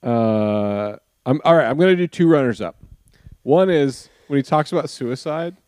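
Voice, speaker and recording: Male co-host, animated and laughing, with a dry close sound. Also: medium pitch, normal speed, clear, resonant tone, no room sound. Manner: laughs often, mimics bits in a shifting voice. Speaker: podcast co-host. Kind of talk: casual chat.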